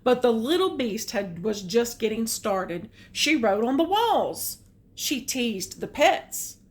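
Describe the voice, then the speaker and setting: An older woman reading a picture book aloud, adding gentle, chatty comments about the pictures. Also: on the high side, big pitch swings, slow pace. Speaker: storyteller.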